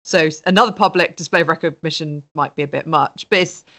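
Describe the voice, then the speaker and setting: A woman's voice: low-pitched, quick pace, a bit bright. A woman co-hosting a podcast, thinking aloud in casual chat, hesitant with many ums and restarts. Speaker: podcast co-host.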